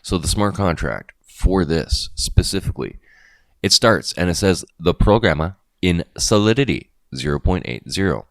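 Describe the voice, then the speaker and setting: A middle-aged man with a very deep, gravelly voice talks through a topic in a loose, rambling way, full of jokey asides. His pitch swings up and down a lot as he goes, and the sound is dry and close. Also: animated, moderate pace, fairly bright tone, no echo. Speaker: crypto video host. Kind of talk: casual explainer monologue.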